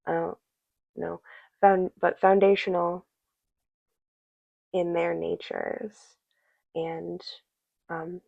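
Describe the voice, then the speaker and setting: A woman giving a soft, meandering tarot reading, full of fillers and a little teary. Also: on the low side, little pitch movement, drawn-out words, creaky, long pauses, no room sound, narrow, tinny audio. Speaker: tarot reader.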